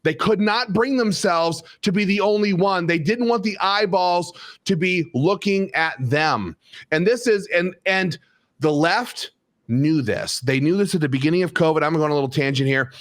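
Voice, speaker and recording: A man with a somewhat high voice holds forth as a podcast co-host, emphatic and rambling as he builds his stories. His talk is opinionated political chat. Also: animated, moderate pace, fairly bright tone.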